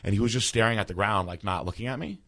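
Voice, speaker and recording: A man with a very low voice tells a long personal story in a loose, casual way. He talks in a rambling manner, full of fillers and restarts. He sounds like a host in his thirties chatting on a podcast. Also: fast, sharp tone.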